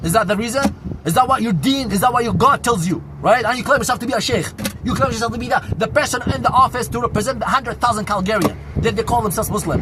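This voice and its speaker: A man in his forties from Syria, with a Syrian Arabic accent, ranting loudly and indignantly to the camera outdoors, repeating his points. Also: high-pitched, quick pace. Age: 40s. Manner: loud, projecting, heated and indignant, repeats himself. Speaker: vlogger. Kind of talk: angry street rant to camera. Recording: noisy outdoor recording with traffic.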